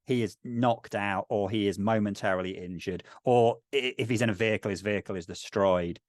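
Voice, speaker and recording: A man's voice: on the low side, brisk, dry recording, clean studio sound. A man co-hosting a podcast, thinking aloud about game design in a rambling, filler-heavy way. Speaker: podcast co-host. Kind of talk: casual discussion of game design.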